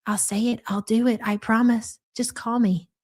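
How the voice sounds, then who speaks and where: A woman's voice: a little high, little pitch movement, normal speed, darkish tone, natural voice. Woman mocking a clingy pleading wife. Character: clingy pleading wife begging her husband.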